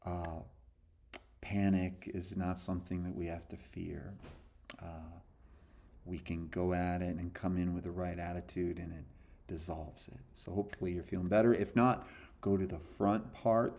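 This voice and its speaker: A low, gravelly male voice leads a calming breathing exercise as a counselor. He speaks softly and slowly, at times almost whispering, in a soothing, reassuring way. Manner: soft, slow and soothing, often dropping to a near whisper. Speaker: anxiety counselor. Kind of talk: guided breathing and calming talk.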